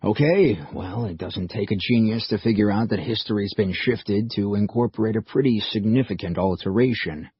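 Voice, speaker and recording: A man doing a quiet, measured older man. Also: on the low side, slightly rough, dry recording. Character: older man, calm and thoughtful. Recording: muffled dull recording.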